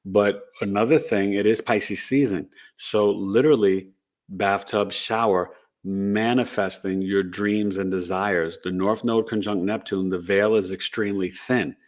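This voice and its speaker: A man's voice: on the low side, steady tone, a little slow. A man co-hosting a casual live stream, speaking earnestly and encouragingly as an astrologer. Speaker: astrologer and podcast co-host.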